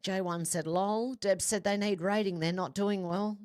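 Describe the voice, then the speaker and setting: A woman hosting a livestream, reading out viewer comments in casual chat with quick, chatty asides. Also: medium pitch, steady tone, a little mellow. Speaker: livestream host.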